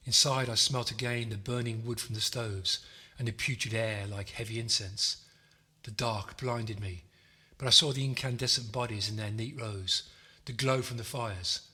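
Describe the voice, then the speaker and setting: A man reading a novel aloud in the first person, steady and measured. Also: fairly low pitch, breathy edge. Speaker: audiobook narrator.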